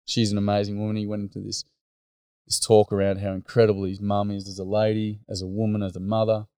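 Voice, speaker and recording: Completely flat in delivery, a lowish, dark, clean voice moves fairly quickly in a clean studio with no room sound. He's an Australian-accented teacher and mentor telling stories as a podcast guest, casual and blokey, heavy on fillers and "mate."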